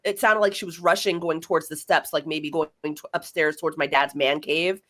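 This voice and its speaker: A young woman hosting a podcast tells a personal story in conversation, animatedly acting out the quoted dialogue. Her voice sits low and she talks a little fast.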